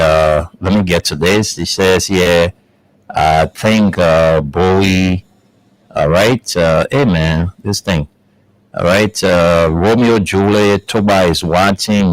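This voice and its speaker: A man's voice: low-pitched, no echo, poor audio. A man, hosting a morning show and reading viewer comments at an easy pace, with asides and many fillers. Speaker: host.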